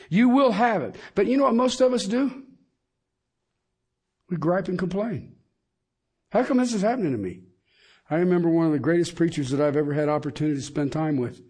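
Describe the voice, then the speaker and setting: A man's voice: fairly high pitch, darkish tone, breathy edge. A middle-aged man preaching a sermon, emphatic and asking the congregation questions.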